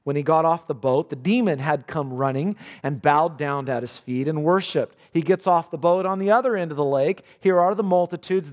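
An impassioned male preacher with a high voice that swings widely, at times dropping to a hush. A long reverb fills the large hall around him. His delivery is fervent, with sharp contrasts. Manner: impassioned, with sharp drops to quiet. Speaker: pastor. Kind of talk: sermon.

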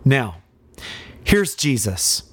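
A man's voice: medium pitch, very animated, drawn-out words, slightly rough, no room sound. A man preaching a sermon with dramatic emphasis and rhetorical questions.

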